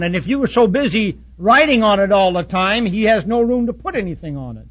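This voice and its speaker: A man preaching a sermon in a blunt, folksy way, swinging from loud outbursts to soft asides. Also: high-pitched, animated, a little fast, hardly any pauses, lo-fi sound. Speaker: pastor.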